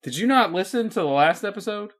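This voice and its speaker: A man's voice: high voice, lively intonation, fast, fairly bright tone. A man co-hosting a casual podcast over a call, wry and self-deprecating. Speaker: podcast co-host. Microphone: remote video call.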